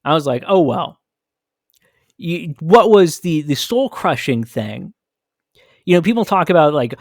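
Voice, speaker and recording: A man's voice: fairly high pitch, animated, a little slow, long pauses, darkish tone, no echo, clean studio sound. A man hosting a podcast, telling a candid, reflective story about his own childhood. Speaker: podcast host. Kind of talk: personal storytelling monologue.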